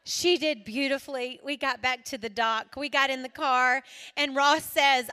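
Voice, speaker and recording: A middle-aged woman giving a devotional talk to women, telling a story dramatically with shouted peaks and laughter. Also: high voice, fairly even intonation, moderate pace. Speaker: women's ministry speaker. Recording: long hall reverb.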